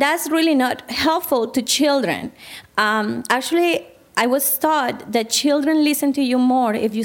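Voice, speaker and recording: A woman therapist with a fairly high voice gives a Christian counseling talk. She speaks conversationally and keeps turning to her listeners with questions. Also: measured pace. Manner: conversational, asks the audience questions.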